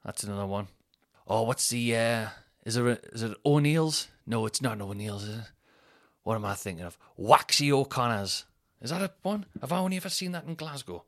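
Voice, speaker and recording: A man's voice: medium pitch, expressive, a little fast, dry recording, clean studio sound. A man, rambling and swearing through a casual solo podcast chat. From North East England. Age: 30s. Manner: rambling and sweary, thinks out loud. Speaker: podcast host.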